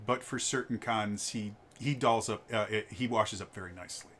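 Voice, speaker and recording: A man's voice: fairly low pitch, moderate pace, fairly bright tone. A man narrating as game master in a tabletop game, stammering with many fillers.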